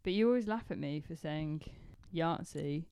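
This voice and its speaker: Northern english woman cohost, smooth lowish voice, dry teasing chat. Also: lively intonation, a little fast, warm tone, no echo. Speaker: podcast co-host. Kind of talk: casual chat.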